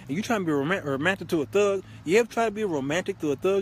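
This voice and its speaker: A man hosting a show, giving comic relationship advice in an animated, laughing, preachy way. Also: sits high, racing, hardly any pauses, slight background noise. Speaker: host. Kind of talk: comedic relationship advice monologue.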